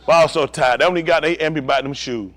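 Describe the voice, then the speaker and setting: A man telling a personal story in a casual, animated way, laughing often and acting out what others said. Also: on the high side, very fast.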